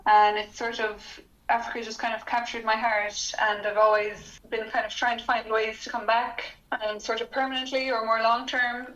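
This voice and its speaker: A woman in her thirties from Ireland with an Irish accent, a podcast guest telling her story in an easygoing, relaxed way. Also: on the high side, moderate pace. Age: 30s. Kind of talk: casual conversation. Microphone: video call. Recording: dull, echoey video call audio.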